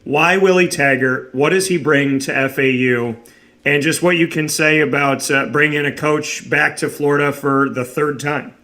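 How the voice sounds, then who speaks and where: A man's voice: a little high, fairly even intonation, normal speed, pushed and bright. A man hosting a sports radio show, asking long, effusive questions of his guest.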